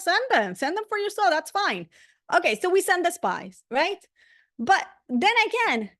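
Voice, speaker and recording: High pitched lady teaching a class, animated, says right a lot. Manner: animated, repeats herself, asks "right?" often. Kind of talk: casual spoken class.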